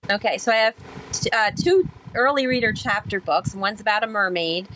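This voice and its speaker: A woman talks as a podcast guest, telling stories in an animated, rambling way with plenty of "um"s and "like"s. Her voice sits at a middle pitch. Faint noise runs quietly behind her. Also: normal speed, rough recording. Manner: animated, rambling storytelling with many fillers. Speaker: guest, sailor and author. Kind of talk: conversational storytelling interview.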